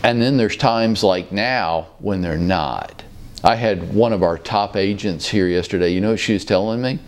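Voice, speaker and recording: Chatty low-voiced man in his fifties. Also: normal speed. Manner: chatty storyteller, relaxed and folksy. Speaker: real estate brokerage leader hosting a show. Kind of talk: casual conversational talk show. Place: his office.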